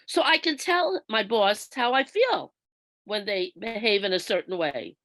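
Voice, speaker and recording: A woman leading a workshop, explaining step by step in a measured way and acting out workplace examples. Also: medium pitch, lively intonation, a bit bright, dry recording. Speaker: workshop trainer. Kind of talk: instructional presentation.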